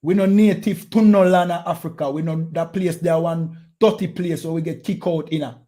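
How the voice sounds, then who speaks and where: A man's voice: on the high side, fairly even intonation, moderate pace, dark tone. A man with a Jamaican accent preaching in a heated, confrontational way, repeating his phrases for emphasis. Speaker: street preacher.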